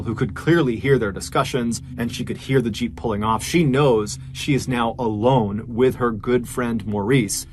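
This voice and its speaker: A man hosting a podcast, telling a dark true-crime story in a conversational, suspense-building way. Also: mid-range voice.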